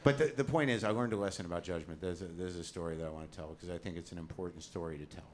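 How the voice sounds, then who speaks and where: Racing along in a deep voice, a middle-aged man performs stand-up before a live comedy club crowd, ranting profanely and turning the jokes on himself, punchlines rising to shouts. Loud crowd laughter fills the show, and a faint hiss or hum is audible.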